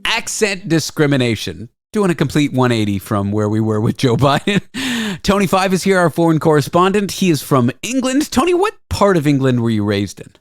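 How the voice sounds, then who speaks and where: A man's voice: a little high, sing-song, a little fast, no room sound, soft background music. A man hosting a radio show in casual chat, easygoing and hesitant, often repeating words.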